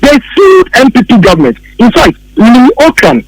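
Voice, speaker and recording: A man's voice: extremely high pitch, sing-song, normal speed, no echo, low-quality recording. A man with a Ghanaian accent, a political commentator on a radio talk show, arguing emphatically and repeating his points.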